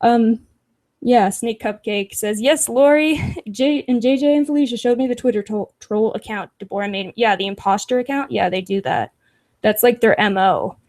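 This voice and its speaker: A woman's voice: fairly high pitch, normal speed, darkish tone. A young woman hosting a casual livestream, reading chat comments aloud with sarcastic, profane asides and frequent laughs.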